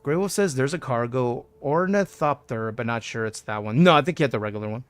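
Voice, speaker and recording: An excitable man talks through a video game on a live stream, answering messages from his chat. His voice sits at a middle pitch, and he keeps saying "dude" when he gets worked up. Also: a little fast, faint music behind. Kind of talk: casual live gameplay commentary.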